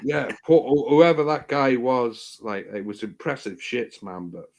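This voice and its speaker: Brief: male host, crude swearing storyteller, lively rising and falling voice. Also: medium pitch, unhurried. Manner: crude, swearing, animated anecdotes. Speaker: stream host. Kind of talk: casual storytelling chat.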